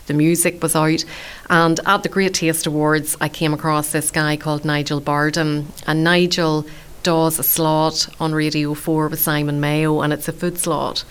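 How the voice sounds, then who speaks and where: Low, smooth-voiced woman. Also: little pitch movement, normal speed. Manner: chatty, warm-humoured and self-deprecating. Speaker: community radio food show presenter. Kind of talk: relaxed storytelling in an interview.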